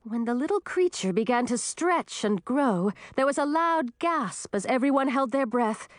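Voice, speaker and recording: A woman's voice: normal speed, dry recording, clean studio sound. A woman reading a storybook aloud, narrating expressively. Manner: expressive, varied pitch.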